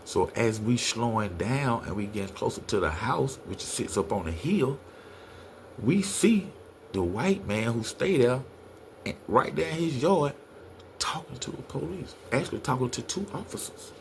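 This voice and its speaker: Speaking at normal speed, a middle-aged man animatedly recounts a story in casual talk, switching to a higher, raised voice whenever he acts out quotes. A little hiss or hum runs under the recording.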